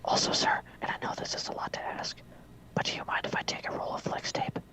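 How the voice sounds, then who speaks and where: A man voicing a polite young female assistant who speaks in a hushed, deferential way. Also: fast talker, whispered, close to an everyday voice, poor audio.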